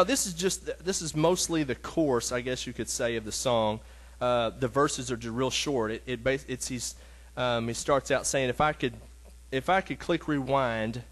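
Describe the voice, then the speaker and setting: Man, casual Bible teaching, earnest, emotional, halting, lots of restarts and fillers, mid-pitched voice.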